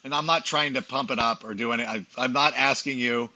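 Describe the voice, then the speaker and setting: A man's voice: mid-range voice, fairly even intonation, a little fast, pushed and bright. A middle-aged man chatting as a podcast guest, telling rambling self-deprecating stories full of fillers. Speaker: podcast guest, fantasy football analyst. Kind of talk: casual chat.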